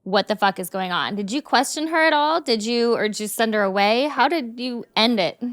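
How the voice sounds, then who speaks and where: Blunt, fast-talking woman asking questions. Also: a little high, expressive, fairly bright tone, no echo, studio quality. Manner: blunt, quick and incredulous questioning. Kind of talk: conversational interview questions.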